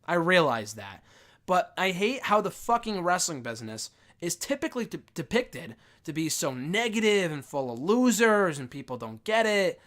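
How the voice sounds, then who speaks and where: A man's voice: high voice, very animated, moderate pace, a bit bright. A man getting over a cold gives a casual, rambling film review as a wrestling show host, swearing freely and full of fillers. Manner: rambling, profane, lots of fillers and restarts. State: recovering from a cold.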